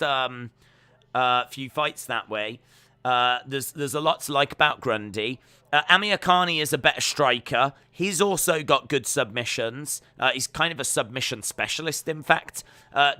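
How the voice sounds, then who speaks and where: With a sharp, smooth mid-range voice and no room sound, a young streamer offers casual watch-along commentary. He chats with his viewers, reads their questions from chat, breaks down fights, and frequently trails off with fillers.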